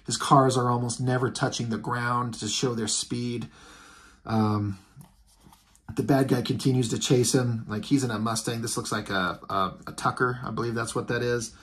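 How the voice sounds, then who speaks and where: A man's voice: medium pitch, fairly even intonation, normal speed, a bit bright. A man casually reviewing a comic book, rambling along with lots of ums and restarts. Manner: rambling, filler-heavy.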